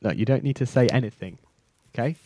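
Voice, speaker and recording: A man co-hosting a comedy podcast, playful and bossy, breaking into loud drawn-out mock announcements. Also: mid-range voice, no room sound. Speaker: podcast co-host.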